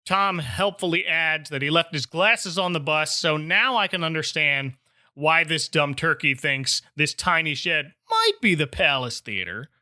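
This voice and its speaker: A podcast host recapping an old holiday special with wry asides. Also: male voice, a little high, very animated, measured pace, bright, forceful tone, no room sound, studio quality. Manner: narrates plot with wry asides. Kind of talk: casual recap and chat.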